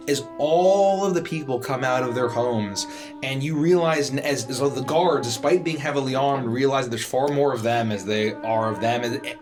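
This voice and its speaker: A male game master narrates the scene at a slow pace, piling up phrases as he builds the moment. His pitch sits in the middle. Soft music plays behind him.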